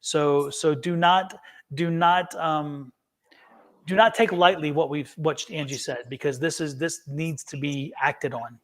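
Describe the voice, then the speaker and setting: A man's voice: on the high side, steady tone, measured pace. A man doing a live tarot and psychic reading, earnest and reassuring, who often restarts and repeats words. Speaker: tarot reader.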